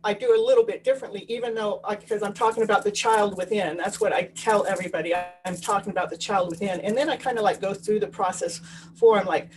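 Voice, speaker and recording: A woman's voice: medium pitch, fairly even intonation, quick pace, poor audio. A woman hosting her own talk show, chatting in an eager, affirming way. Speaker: show host. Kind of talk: casual conversational interview.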